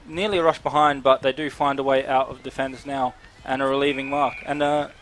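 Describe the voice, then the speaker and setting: A man calling play-by-play at a local football game in a steady way. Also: medium pitch, a little fast. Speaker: football commentator. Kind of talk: play-by-play commentary.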